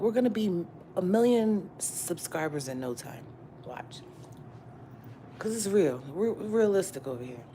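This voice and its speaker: A woman tarot reader with a low, dark voice gives her viewers a casual morning pep talk full of slang and profanity. She repeats herself emphatically, often asking "you get what I'm saying?" Slight background noise sits behind her.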